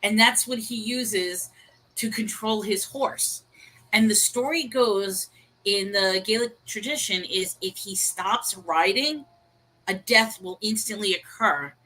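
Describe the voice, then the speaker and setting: A woman co-hosting a casual online chat show, telling stories in an animated, chatty way. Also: mid-range voice, takes it slowly, low-quality recording. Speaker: co-host.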